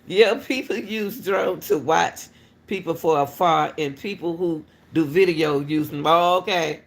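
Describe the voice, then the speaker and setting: A woman, a school crossing guard, casually telling viewers a story in an animated way and calling out to them often. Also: on the low side, a little slow. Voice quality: talks straight to viewers with repeated "y'all", animated and laughing.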